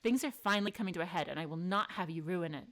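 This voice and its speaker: A woman's voice: fairly low pitch, quick pace, fairly bright tone, close to an everyday voice. Cold bored villain commander, read by a woman.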